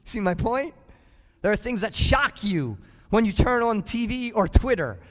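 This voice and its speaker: A man with a high voice preaches a sermon as a pastor, speaking in a lively way and often asking questions of his listeners. His voice rings out with a long reverb in a large hall. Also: measured pace. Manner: lively, asks the congregation questions.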